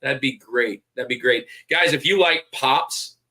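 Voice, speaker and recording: Excitable male podcast host. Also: mid-range voice, a little slow. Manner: rambling, repeats words, plugs friends. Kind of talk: casual podcast chat.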